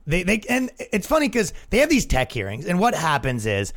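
A male comedian and podcast host riffing in a casual comedic monologue, animated and quick to slip into voices. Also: high voice.

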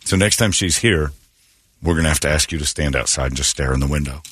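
A man's voice: very deep voice, quick pace, fairly bright tone, slightly rough, no echo. A man hosting a morning radio show, joking and rambling with his co-hosts and laughing often. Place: radio studio.

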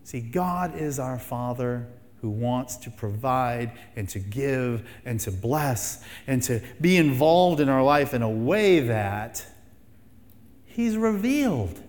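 A man's voice: mid-range voice, lively intonation, takes it slowly, darkish tone, in a large hall. A man preaching a sermon as pastor, emphatic and fond of rhetorical questions and repeated phrases.

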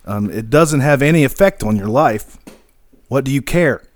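A man's voice: medium pitch, lively intonation, normal speed. A man co-hosting a podcast, making blunt, sarcastic, profane points in casual chat. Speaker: podcast co-host.

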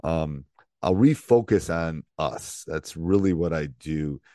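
A man's voice: rumbling low, lively intonation, takes it slowly, dark tone, no echo. A middle-aged man, a basketball coach, hosting his podcast in a casual, rambling way with many restarts. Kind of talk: casual solo podcast talk.

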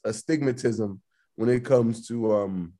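A man's voice: medium pitch, measured pace, dark tone. A man co-hosting a podcast, rambling through his point with slang and restarts in casual chat. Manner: rambling, many fillers and restarts, slang-heavy. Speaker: podcast co-host.

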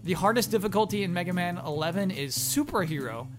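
A man with a notably high, light voice hosts a casual podcast panel. He keeps things moving in an upbeat, brisk way and laughs easily, with faint music underneath. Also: expressive. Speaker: podcast moderator.

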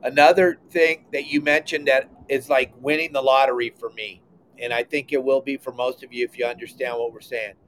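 A man's voice: medium pitch, fairly even intonation, fairly quick, a bit bright, slight background noise. A middle-aged man hosting a casual podcast, talking with emphatic enthusiasm about taking kids fishing. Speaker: podcast host.

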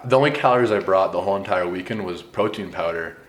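A man's voice: low voice, fast. A young man co-hosting a podcast, telling stories and teasing his friend in casual banter. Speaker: podcast co-host. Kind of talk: casual chat.

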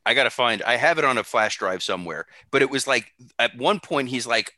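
Guy in his 30s telling a wild backstage story, really bright voice, dry close mic. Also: mid-range voice, fairly quick, few pauses, dry recording. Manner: animated anecdote-teller, acts out quotes, swears freely. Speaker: podcast co-host. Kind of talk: casual chat, storytelling.

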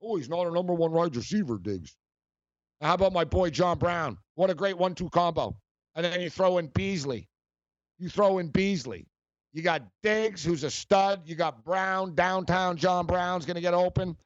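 A man's voice: sits high, moderate pace, no room sound, dull audio. A man hosting a sports talk show, ranting and mocking in a heated way.

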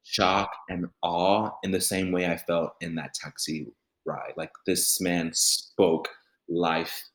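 A young man with a fairly low voice tells a personal story in a relaxed interview. He performs the other people's lines as he goes and laughs along with his own tale. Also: takes it slowly. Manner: animated storyteller acting out quoted voices, with laughter. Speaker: musician and band leader.

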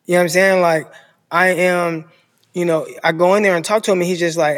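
A man's voice: high-pitched, a little fast, long reverb tail. A man in his thirties from California, a guest telling his story in casual chat and acting out what others said. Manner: animated, acts out others' voices.

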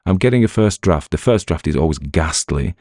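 A man with a Northern English accent talks loosely to his podcast listeners in a very deep, low voice. He rambles and jokes at his own expense, full of ums and restarts. The recording is dry and close, with no room sound. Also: animated, fairly quick, darkish tone, no room sound. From Northern England. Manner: rambling, self-deprecating, many fillers and restarts. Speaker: podcast narrator and writer. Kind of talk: rambling casual talk to listeners.

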